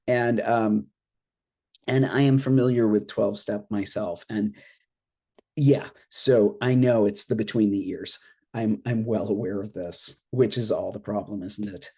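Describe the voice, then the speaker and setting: An interfaith minister talking casually on a panel from their apartment over a video call, chatty and expressive, laughing often. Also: medium pitch, breathy edge. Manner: chatty and expressive, laughs often, acts out reactions in quoted asides. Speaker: interfaith minister and board treasurer on an alumni panel. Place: at home in an apartment.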